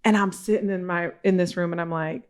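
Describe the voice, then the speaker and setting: A woman guest on a podcast, telling a story in a lively, casual way and acting out the voices of the people in it. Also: lowish voice, a little fast. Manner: animated storyteller acting out quoted dialogue; swears casually, laughs while telling.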